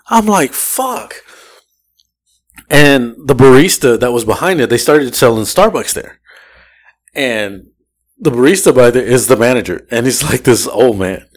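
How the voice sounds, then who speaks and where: A man hosting a podcast tells a story in casual conversation, speaking at medium pitch and normal speed. He's animated and profane, laughing often and imitating the people he describes.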